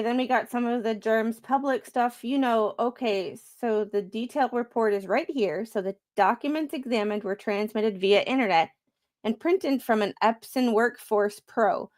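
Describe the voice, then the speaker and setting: A woman hosting a commentary stream, reading court documents aloud in a halting, rambling way, with many fillers and restarts. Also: a little high, darkish tone, no room sound. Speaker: commentary host.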